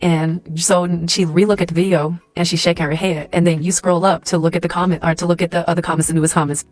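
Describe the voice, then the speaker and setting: Rapid-fire profane woman storyteller. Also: fairly low pitch, little pitch movement, a little mellow, dry recording. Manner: fast, profane, acts out quoted dialogue. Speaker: storyteller in a clip. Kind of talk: casual storytime told in second person.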